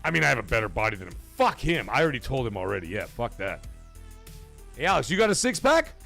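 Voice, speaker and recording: Talking fast in a creaky, mid-range voice, this livestream host runs a late-night gaming stream with faint music in the background. He's animated and profane, chatting casually, reading out the chat and thanking his viewers.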